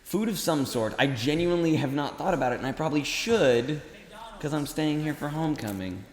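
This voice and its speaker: A man's voice: on the high side, expressive, a little fast. A man co-hosting a live school podcast, talking in a laid-back way with dry jokes. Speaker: teacher and podcast co-host. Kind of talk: casual live show banter. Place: school gym. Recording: echoey gym with long reverb.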